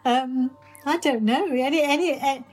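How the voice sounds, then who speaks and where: A woman's voice: high-pitched, normal speed, a little mellow, faint music behind. An older woman from Birmingham, an actress being interviewed, answering in a chatty, enthusiastic way. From Birmingham, England. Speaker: actress guest.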